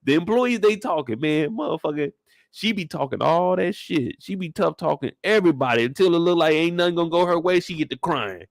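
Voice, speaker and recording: A man's voice: fairly high pitch, fairly quick, dry recording. A man giving casual TV recap commentary, joking, slangy and full of swearing. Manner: animated, slangy, profane, joking. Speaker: TV recap reviewer.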